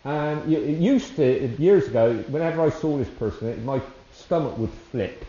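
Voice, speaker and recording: A man giving an informal devotional talk, rambling and warm-hearted, often chuckling between thoughts. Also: fairly high pitch, lively intonation, normal speed. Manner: rambling, warm-hearted, with frequent fillers and restarts; chuckles often while speaking. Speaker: lay preacher. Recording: dull, roomy sound.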